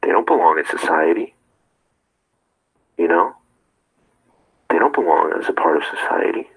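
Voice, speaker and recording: A man's voice: low-pitched, lively intonation, moderate pace, gravelly, slightly rough, poor audio. A man talking straight to his viewers in a confrontational rant, firing off rhetorical questions. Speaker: streamer. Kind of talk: ranting monologue to viewers.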